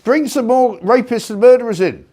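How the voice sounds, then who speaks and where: A man hosting a live talk show, delivering a sarcastic, indignant opinion rant with loud outbursts. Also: very high voice, moderate pace.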